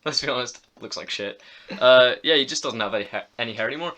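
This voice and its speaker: A man's voice: mid-range voice, fast, bright, forceful tone. A teenage boy co-hosting a casual film review podcast, chatty, often restarting his words and swearing offhand. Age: teens. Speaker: podcast co-host.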